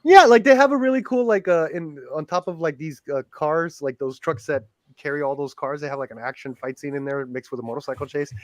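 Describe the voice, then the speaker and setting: A man chatting on a movie panel, animated and emphatic with his opinions. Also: on the high side, a little fast, hardly any pauses, no room sound. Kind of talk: casual group chat.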